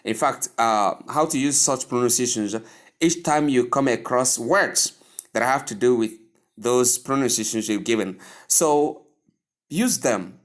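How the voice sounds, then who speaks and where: A man teaches pronunciation in a mid-pitched voice. He is insistent and says each word again and again to drive the point home. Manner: insistent, repeats words many times over. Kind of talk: pronunciation lesson.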